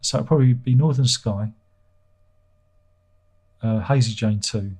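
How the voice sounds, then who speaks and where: Mellow husky man chatting loosely. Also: on the low side, unhurried, pauses often. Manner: rambling, self-deprecating, swears casually. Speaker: livestream host. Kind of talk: casual chat reading viewer comments.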